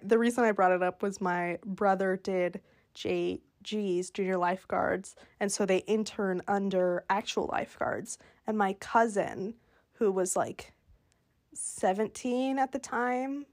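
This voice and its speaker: A young woman co-hosting a podcast in a relaxed, chatty way. She tells family stories with easy laughter and a touch of self-conscious embarrassment. Her voice has an ordinary middle pitch. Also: unhurried. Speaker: podcast co-host. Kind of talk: casual chat.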